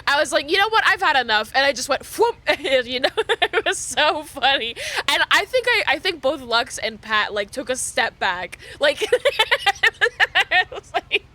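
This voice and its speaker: Bright-voiced woman streamer, laughing often. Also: high voice, unhurried. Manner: animated, laughing often, swearing freely. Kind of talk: casual chat with viewers.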